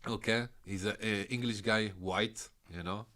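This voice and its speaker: A man's voice: on the low side, moderate pace. A man, a podcast guest telling stories casually and animatedly, laughing often. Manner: animated, laughs often, drops into character voices. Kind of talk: casual storytelling.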